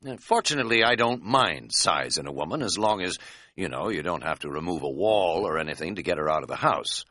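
A man's voice: deep voice, lively intonation, a little fast, pushed and bright, dry recording, clean studio sound, voice pushed down, full character voice. A man voicing a crude, joking middle-aged male hiker who is folksy and pleased with his own quips, in an audiobook. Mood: boastful.

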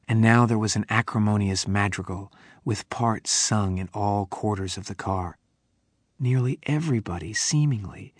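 A man reading a novel aloud in a measured way, sometimes dropping to a whisper. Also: fairly low pitch, no room sound, studio quality. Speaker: audiobook narrator. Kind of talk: scripted narration of a novel.

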